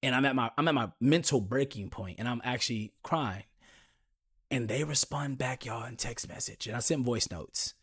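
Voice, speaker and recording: A man's voice: mid-range voice, moderate pace, a bit bright, husky. Candid man telling a personal story. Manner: candid, confiding, addresses listeners as y'all. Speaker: podcast host.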